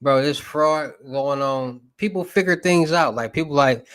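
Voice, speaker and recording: A man's voice: fairly high pitch, a little slow, hardly any pauses, fairly bright tone, smooth, no room sound. Slangy young man rambling on a livestream. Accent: Southern US. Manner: loose, rambling, slangy, asks chat for topics. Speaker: livestream host. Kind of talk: casual livestream talk to chat.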